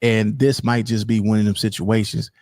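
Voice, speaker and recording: A man's voice: fairly low pitch, flat delivery, normal speed, a little mellow, dry recording, studio quality. A man hosting casual commentary, talking straight to his viewers and repeating himself for emphasis.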